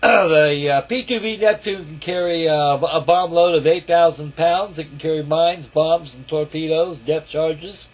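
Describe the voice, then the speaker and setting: A man's voice: fairly high pitch, steady tone, measured pace, few pauses. A man casually narrating a walk-around of his scale model, folksy and rambling, calling his viewers folks. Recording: lo-fi camera audio.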